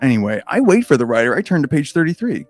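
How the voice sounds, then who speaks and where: A man's voice: mid-range voice, sing-song, quick pace, darkish tone, soft background music. Rambling, profane man reading aloud. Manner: rambling, profane, self-deprecating. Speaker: host reading a gamebook. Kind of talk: casual reading with rambling commentary. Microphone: close microphone.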